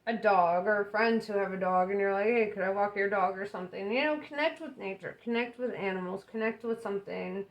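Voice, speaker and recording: A young woman giving a casual tarot reading, chatty and relaxed, with plenty of fillers and frequent laughter. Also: medium pitch, a little fast, hardly any pauses, muffled recording. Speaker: tarot reader.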